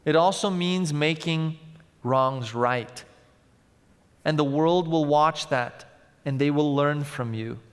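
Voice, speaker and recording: A man's voice: on the high side, takes it slowly, clean tone. Man preaching in a reverberant church. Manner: storytelling, swings from loud to hushed. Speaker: pastor. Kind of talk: sermon. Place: large church. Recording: long church hall reverb.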